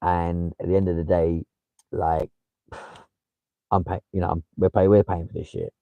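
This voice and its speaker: A man's voice: low voice, level tone, unhurried, no room sound, narrow, tinny audio. A young man with a London accent chatting casually on a livestream, swearing freely and replying to viewers. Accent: London English. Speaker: livestream host.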